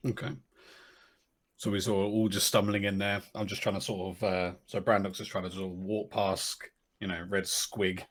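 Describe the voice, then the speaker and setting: A man describes his character's actions in a tabletop game, rambling and hesitant, leaning on filler words. His voice sits somewhat low. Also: flat delivery, normal speed. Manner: rambling, hesitant, lots of "sort of". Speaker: player. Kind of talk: tabletop role-play chat.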